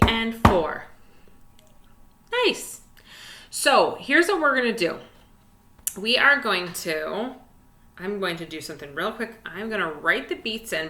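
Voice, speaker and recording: A woman's voice: medium pitch, sharp tone. A young woman teaching an online music lesson to children, chatty and encouraging, with lots of fillers, at her desk. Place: indoors at a desk.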